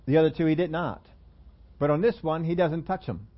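A man's voice: fairly high pitch, expressive, fairly quick, highs cut off. A man preaching a sermon in a church room, talking conversationally and putting questions to the congregation. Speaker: pastor.

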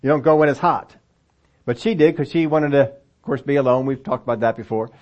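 This pastor speaks at a medium pitch and a fairly quick pace, and the recording sounds muffled. He's preaching in a conversational style to a congregation that includes children, voicing the story's characters himself.

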